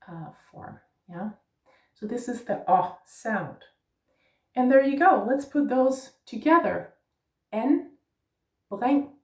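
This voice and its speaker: A woman's voice: on the high side, gravelly, a little mellow, echoey room, recorded from a distance. A woman teaching Danish pronunciation, patiently spelling out letters and checking in with "yeah?". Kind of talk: pronunciation lesson.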